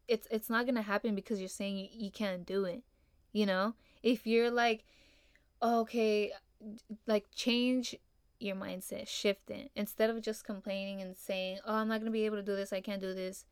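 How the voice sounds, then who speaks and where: A woman's voice: mid-range voice, smooth, dry recording, clean studio sound. A young woman hosting a casual solo podcast, talking in a laid-back, upbeat way and filling her speech with "like" and "you know". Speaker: podcast host.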